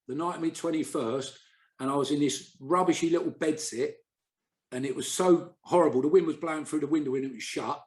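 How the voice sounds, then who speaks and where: A man, a former footballer, telling anecdotes in casual podcast chat and acting out the people he quotes. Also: fairly high pitch. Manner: chatty anecdotal storyteller, acts out quoted voices. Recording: roomy echo.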